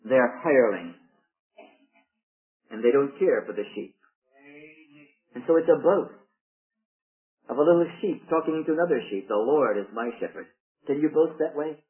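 A man preaching a sermon, emphatic and repeating key phrases, his voice swinging from high to low. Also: normal speed, long pauses. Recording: tinny radio broadcast sound.

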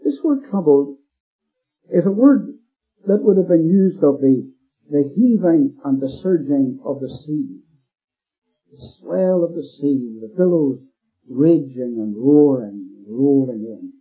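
Male preacher, rough husky voice, swooping animated delivery, lo-fi phone-quality recording. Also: medium pitch, takes it slowly. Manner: emphatic, repeats key phrases, rising stress. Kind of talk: expository sermon. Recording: phone-like lo-fi recording with faint music.

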